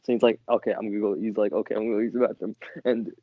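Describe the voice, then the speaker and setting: A man's voice: on the low side, steady tone, rapid-fire, dry recording. A young man hosting a podcast, telling a crude story in a rambling, laughing way. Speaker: podcast co-host. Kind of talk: casual storytelling chat. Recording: dull lo-fi mic.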